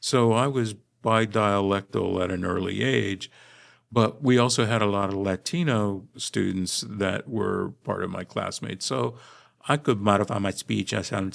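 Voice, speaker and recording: La-raised professor guy on a podcast, super gravelly, calm and articulate. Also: fairly low pitch. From Los Angeles, USA. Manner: measured, articulate academic delivery. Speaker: guest linguistics professor. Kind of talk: podcast interview storytelling.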